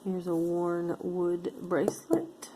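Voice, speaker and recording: A vlogger sorting jewelry to sell chats casually to her camera in a show-and-tell style, musing aloud and easily delighted by each piece. Her voice is lowish and monotone, she takes her time, and the recording is very noisy.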